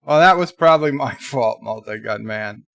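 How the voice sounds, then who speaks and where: A man's voice: medium pitch, lively intonation, moderate pace, creaky, a bit bright, dry recording, studio quality. A man hosting a livestream, reading viewer comments aloud in a chatty, exasperated way. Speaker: livestream host. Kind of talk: casual live chat reading comments.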